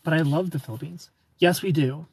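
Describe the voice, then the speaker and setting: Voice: mid-range voice, fairly quick, a little mellow, husky. A live streamer in casual, upbeat chat, reading viewer comments aloud and greeting people by name.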